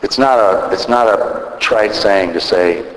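A man preaching in a church sanctuary, his lowish voice carrying through a roomy space. He speaks earnestly and at a measured pace, stopping to restart phrases. The sound is picked up a little far off, with a long reverb tail. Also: noisy background. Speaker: pastor. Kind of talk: sermon. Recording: echoey hall from a distance.

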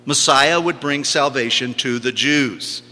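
A man's voice: medium pitch, a little slow, pushed and bright. A man preaching a sermon, teaching emphatically and repeating key phrases for stress. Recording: long hall reverb.

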